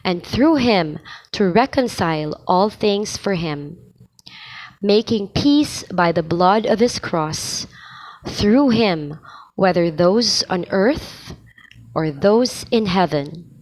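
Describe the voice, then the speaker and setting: Slow, deliberate woman reading scripture. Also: medium pitch, lively intonation, a little mellow, poor audio. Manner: measured, deliberate, pausing between phrases. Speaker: lector practice host. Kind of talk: slow liturgical reading practice.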